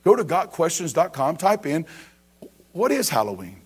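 A high-pitched man delivers a sermon as pastor. He mixes scripture reading with casual asides and builds emphasis through rhetorical questions. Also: wildly swooping pitch, normal speed, slightly rough.

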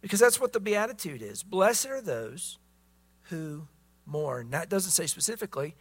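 A man's voice: high-pitched, a bit bright. A man preaching a sermon as pastor, emphatic, often repeating words as he presses his points.

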